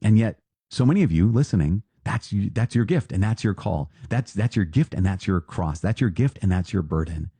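A priest with a very low, mellow voice and a husky edge delivers an earnest podcast reflection. He repeats his phrases for weight. The sound is close and dry. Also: lively intonation, normal speed, no room sound.

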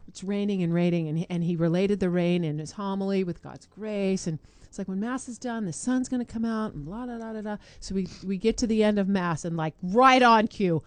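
A woman's voice: mid-range voice, a little fast, few pauses, dry recording. A woman chatting casually on a faith podcast, joking and laughing as she tells a story. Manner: chatty, jokey, laughs often.

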